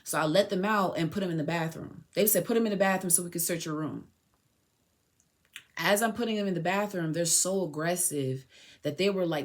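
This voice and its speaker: A young woman hosting a podcast, telling a painful personal story in a candid, slangy way and near tears at times. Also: deep voice. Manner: emotional, slangy and candid, retelling dialogue. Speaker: podcast host.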